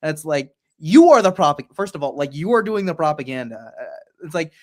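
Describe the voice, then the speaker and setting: A man's voice: on the high side, animated, a little fast, a little mellow. A man in a casual group discussion who talks in loose, run-on sentences.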